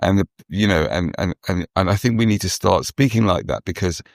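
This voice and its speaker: Deep-voiced, hesitant man. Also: animated, fairly quick, creaky, dry recording, studio quality. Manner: hesitant, full of restarts and fillers. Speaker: podcast co-host. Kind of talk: casual chat.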